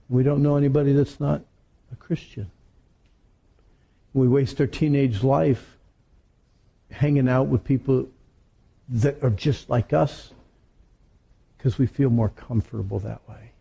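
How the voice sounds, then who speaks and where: Middle-aged guy preaching to teens, gravelly low-key dark voice, a bit husky, acts out the quotes. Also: normal speed. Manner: animated storytelling with acted quotes. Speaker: youth preacher. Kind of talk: sermon to teenagers.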